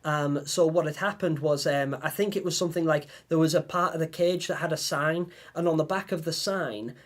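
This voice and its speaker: Young male streamer with a slightly high voice, animated storytelling on a live stream. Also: brisk. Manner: animated, acts out his own panicked lines. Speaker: livestream host.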